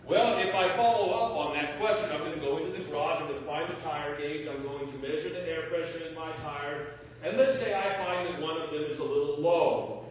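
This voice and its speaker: Texan pastor preaching in an echoey church. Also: male voice, a little high, fairly quick, slight background noise. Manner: conversational preaching with rhetorical questions and homely examples. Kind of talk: sermon. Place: church sanctuary. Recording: echoey church hall, mic at a distance.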